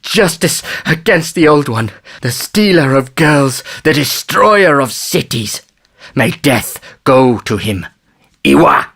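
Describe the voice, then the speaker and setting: A man's voice: mid-range voice, normal speed, fairly bright tone, slightly rough. A man voicing a proud, scheming old chief who bargains and complains. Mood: outraged.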